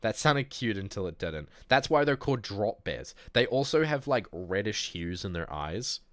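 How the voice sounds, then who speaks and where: Low-voiced guy chatting on stream. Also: very animated, normal speed, a bit bright, no echo. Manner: rambling, jokey, many fillers and restarts. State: sick. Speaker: livestream host. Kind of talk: casual chat reading viewer messages.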